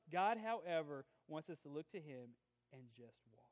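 A male pastor preaching a sermon, swinging between forceful emphasis and quiet, drawn-out lines. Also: a little high, animated, muffled recording. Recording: long hall reverb.

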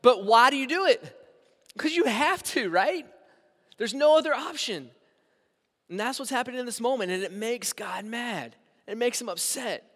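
A man in his thirties preaching a sermon as pastor, animated, swinging between hushed asides and loud emphasis. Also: extremely high pitch, moderate pace. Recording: long reverb of a large hall.

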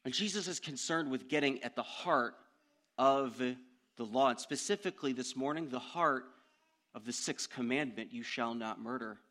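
Bright-voiced man preaching a sermon. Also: mid-range voice, normal speed. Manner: animated storytelling, rising to loud outbursts. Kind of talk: sermon with a personal story.

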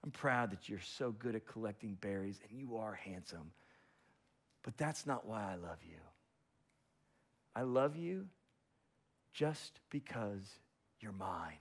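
Gentle, loving father squirrel from a storybook, low and hushed, played by a male preacher. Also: big pitch swings, husky, full character voice. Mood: tender. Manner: soft, slow, low and tender.

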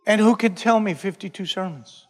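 A pastor preaching a sermon, leading the congregation in call-and-response and breaking into shouts. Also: male voice, high voice, normal speed. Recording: reverberant church hall.

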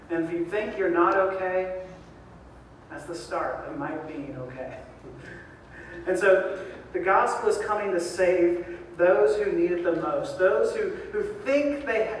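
A man's voice: high-pitched, recorded from a distance, a little hiss or hum. Echoey preaching man in a hall. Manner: lively, joking preacher who acts out voices. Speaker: pastor. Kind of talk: sermon.

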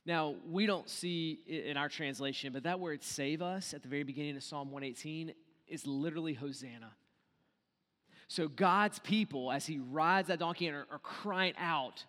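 A man preaching in a church, his voice sitting high for a man. He plays out the quoted voices with energy, then drops to a hush. The sound rings with a long hall reverb. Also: brisk. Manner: animated, acts out quoted voices, swings from loud to hushed. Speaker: pastor. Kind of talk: sermon.

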